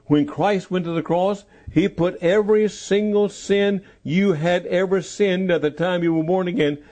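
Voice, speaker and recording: An older male preacher delivers a sermon with a somewhat high but mellow voice. He presses his points by repeating them, sinking low and soft and then climbing to loud, ringing calls. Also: steady tone, moderate pace. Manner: emphatic, repeats key phrases, swings between soft lows and loud calls.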